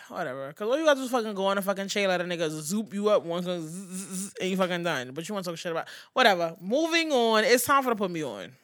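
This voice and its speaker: A woman co-hosting a casual chat podcast, animated, rambling and heavy on profanity. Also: mid-range voice, fast, dry recording, clean studio sound. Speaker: podcast co-host.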